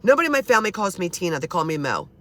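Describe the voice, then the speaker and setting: A woman's voice: lowish voice, sing-song, rapid-fire, sharp tone. A woman telling personal ghost stories in a blunt, chatty way, swearing freely. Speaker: storyteller. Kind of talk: casual storytelling.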